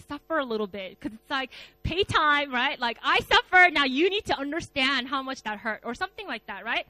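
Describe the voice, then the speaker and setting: A woman pastor preaching a conversational sermon, animated, with many fillers and laughs. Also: high voice, dry recording. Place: church service.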